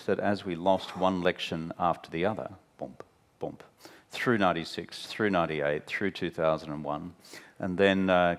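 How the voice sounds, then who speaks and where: A former Australian prime minister, deep-voiced and apparently in his fifties, is an interview guest on a talk-venue stage. In candid conversation he spins animated, wry anecdotes, speaks bluntly and imitates those he quotes.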